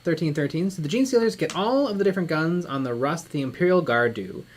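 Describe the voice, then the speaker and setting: A man's voice: a little high, expressive, fast. A man co-hosting a live miniature-painting stream, chatting in an easygoing way and often murmuring agreement. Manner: easygoing, lots of agreeing "mm-hmm". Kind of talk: casual chat.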